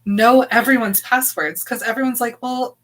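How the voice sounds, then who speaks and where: A woman co-hosting a live podcast in casual chat, playful and quick with jokes and asides. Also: a little high, animated, fairly bright tone, low-quality recording. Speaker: podcast co-host.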